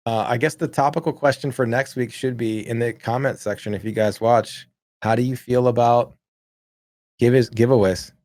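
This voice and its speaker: A man in the middle of his pitch range, chatting on a podcast and ranting with playful, exaggerated grumbling. His voice sounds dry and close, with no room around it. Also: fairly even intonation, moderate pace, darkish tone, no room sound. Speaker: podcast co-host. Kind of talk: casual chat.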